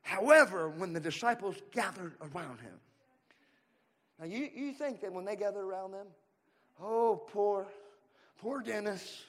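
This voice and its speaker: A male pastor from Central California preaching a sermon, calling out to the room and repeating his lines as he builds to shouts. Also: high voice, very animated, normal speed. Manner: calls to the room and repeats himself.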